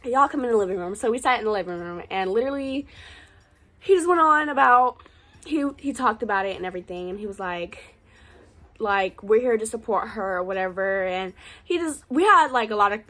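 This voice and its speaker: A young woman in her late teens telling a personal story in a casual vlog, chatty and animated, full of "like" and quoted dialogue. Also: mid-range voice, moderate pace. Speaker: vlogger.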